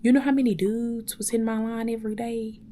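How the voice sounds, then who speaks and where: A young woman telling a personal story to her viewers in an animated, chatty way, often calling out to them directly. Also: fairly high pitch, fairly quick, slight background noise. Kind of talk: casual storytime chat.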